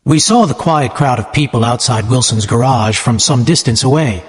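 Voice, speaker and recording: Expressive male storyteller with long echo. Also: mid-range voice, normal speed. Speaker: narrator. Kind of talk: scripted story narration.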